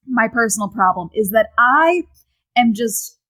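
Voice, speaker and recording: A young woman hosting a casual podcast, excitable and high strung, often laughing as she reads listener stories. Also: measured pace, poor audio. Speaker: podcast host.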